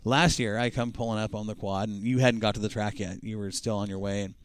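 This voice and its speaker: A man's voice: on the low side, brisk, clear, resonant tone, no room sound. A man co-hosting a racing talk show, telling stories in casual chat and acting out the quotes. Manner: animated storyteller, acts out quotes.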